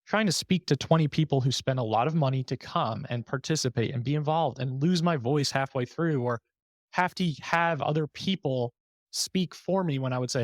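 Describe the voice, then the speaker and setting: A man's voice: medium pitch, moderate pace, no room sound. Candid male podcast host, dry sound. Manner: open, reflective, frank about struggles. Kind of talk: candid conversational podcast talk.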